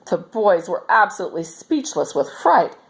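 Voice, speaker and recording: A woman reading a children's story aloud as storyteller, in an expressive, animated manner. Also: on the low side, moderate pace, poor audio.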